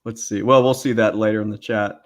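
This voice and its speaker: A man's voice: fairly low pitch, fairly even intonation, brisk. A man co-hosting a podcast, reading out donations in a dry, matter-of-fact way. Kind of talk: casual chat.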